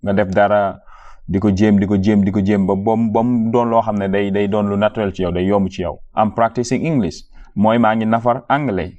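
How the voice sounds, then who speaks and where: Patient low-voiced man teaching beginners. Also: fairly even intonation, darkish tone, lo-fi sound. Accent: Wolof. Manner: repeats phrases slowly and patiently, then explains them. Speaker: language teacher. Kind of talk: beginner language lesson.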